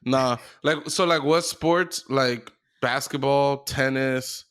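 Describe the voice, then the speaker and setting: A man of middle pitch chats loosely on a podcast, piling up fillers and swear words as he thinks aloud. His voice sits plainly in the middle of the range. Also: slow pace, a bit bright, clean tone. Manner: rambling, filler-heavy, profane. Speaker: podcast co-host. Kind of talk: casual chat.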